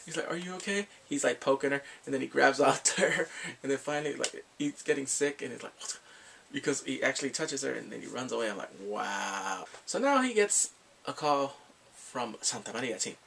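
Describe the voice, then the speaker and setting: A man giving a casual, animated recap of a drama, acting out the characters' lines in sudden squeals. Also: medium pitch, fairly quick, creaky, slight background noise. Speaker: drama reviewer.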